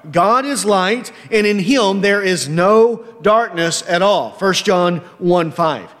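High-pitched guy preaching in a big echoey hall, emphatic, keeps saying right. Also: a bit bright. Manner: emphatic, frequent tag question "right?". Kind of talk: expository sermon.

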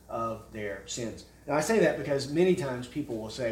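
Forceful preacher, echoey and distant. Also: male voice, medium pitch, expressive, moderate pace, hardly any pauses. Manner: forceful, rising to emphatic rhetorical questions. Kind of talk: expository sermon. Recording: echoey room, mic at a distance.

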